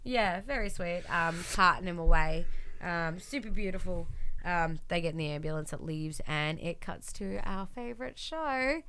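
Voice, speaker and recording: A woman's voice: fairly low pitch, moderate pace, bright, forceful tone, clean tone. A woman co-hosting a podcast, chatting casually as she recaps a wrestling show and acts out the quotes with lots of fillers. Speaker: podcast co-host.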